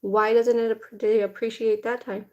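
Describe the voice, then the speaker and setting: A woman's voice: on the high side, flat delivery, normal speed, warm tone, highs cut off. A young woman streaming casually from home while doing her makeup, chatty and blunt, swearing without fuss.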